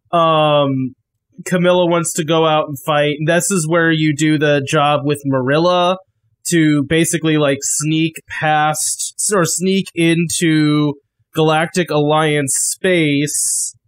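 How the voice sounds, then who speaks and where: A man on a podcast recapping story arcs from his notes, pausing to recall names. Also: a little high, smooth. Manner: explains plot, checking notes. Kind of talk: casual podcast chat.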